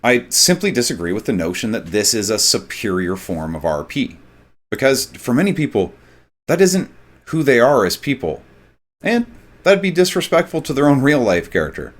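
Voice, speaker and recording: A man's voice: mid-range voice, big pitch swings, moderate pace. A man giving tabletop roleplaying advice in a casual, explanatory monologue, with an occasional "um" or "uh". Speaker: tabletop gaming advice host.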